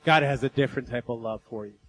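A young man preaching a sermon as a guest speaker, telling a funny personal story in an animated, self-mocking way. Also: mid-range voice, fast talker.

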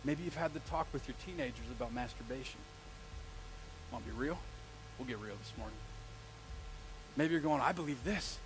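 A man, a pastor, preaching a live sermon, telling stories in an animated way and asking the congregation questions. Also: medium pitch, moderate pace, pauses often, background noise.

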